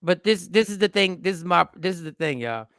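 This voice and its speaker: A man's voice: sits high, expressive, a little fast, a bit bright, smooth, dry recording, clean studio sound. A man hosting a casual talk show, arguing emphatically in slangy speech and repeating words for stress. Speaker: show host.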